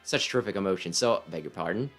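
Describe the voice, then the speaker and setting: A man's voice: deep voice, fast, fairly bright tone, faint music behind. A man hamming up a pompous devoted knight. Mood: grand. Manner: overblown, theatrical declarations. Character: pompous, loyal, dramatic male knight.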